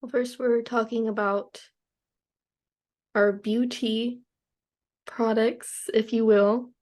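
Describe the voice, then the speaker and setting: A woman's voice: on the high side, flat delivery, slow pace, darkish tone. A young woman co-hosting a casual chat podcast, laid-back and giggly. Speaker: podcast co-host.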